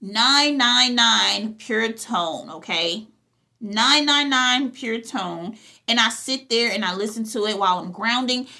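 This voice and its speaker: Woman vlogging spiritual tips, bright forceful voice, kinda high, keeps going "okay?" and calling folks honey. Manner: chatty, repeats phrases, checks in with "okay?"; familiar, addresses viewers as "honey" and "y'all". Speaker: vlog host. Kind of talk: casual spiritual advice talk.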